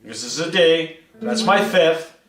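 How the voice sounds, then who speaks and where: Guy teaching guitar live, kinda high voice, roomy sound a bit off mic, guitar playing behind him. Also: animated, measured pace, a bit bright, far from the mic. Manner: coaching, repeats checks like "right?" and "see that?". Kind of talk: live-stream guitar lesson.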